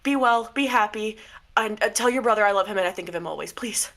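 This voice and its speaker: A woman voicing a sad, gentle dead father who misses his family and talks haltingly. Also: mid-range voice, close to an everyday voice. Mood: tender. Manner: halting, full of fillers and restarts.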